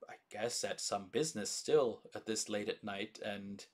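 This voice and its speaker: A man narrating a tabletop game as game master, describing scenes in slow, descriptive detail. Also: on the low side.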